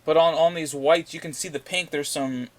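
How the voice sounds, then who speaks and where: A man's voice: a little high, steady tone, normal speed. A man rambling casually in a comic book vlog, ranting and swearing as he shows his new pickups. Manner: ranting, profane, repeats himself.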